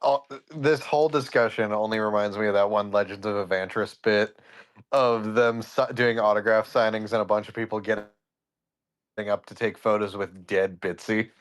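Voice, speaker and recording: A man chatting casually on a live stream, telling stories in a relaxed way, swearing and laughing between bits. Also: fairly low pitch, normal speed, smooth.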